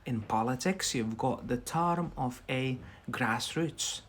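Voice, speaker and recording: A man's voice: medium pitch, slow, a bit bright, slight background noise. A man teaching an English lesson on a live stream, chatty and often checking in with a questioning "yeah?". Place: in Scotland.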